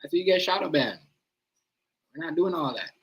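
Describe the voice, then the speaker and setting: A man's voice: a little high, animated, a little fast, poor audio. A man hosting a live stream, rambling in casual slang and often asking "you know what I mean".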